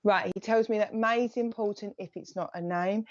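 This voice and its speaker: A woman giving live psychic readings, chatting in quick bursts and thanking viewers by name as she relays messages. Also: mid-range voice, fairly even intonation, darkish tone, no echo, muffled recording.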